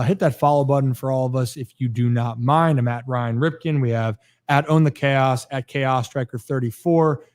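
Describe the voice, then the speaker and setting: A man's voice: mid-range voice, darkish tone. A man hosting a sports talk livestream, chatty and rambling, out of breath at the end of a long day. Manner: chatty, rambling with restarts and fillers. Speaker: podcast host. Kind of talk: casual sign-off of a sports livestream.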